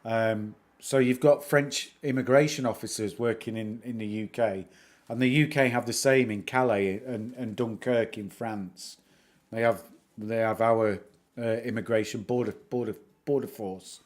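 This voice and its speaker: A man's voice: fairly low pitch, fairly even intonation, a little slow. Chatty Northern English man, music behind. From England. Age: middle-aged. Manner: chatty, rambling, self-mocking jokes. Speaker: livestream host. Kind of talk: casual livestream chat. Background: background music.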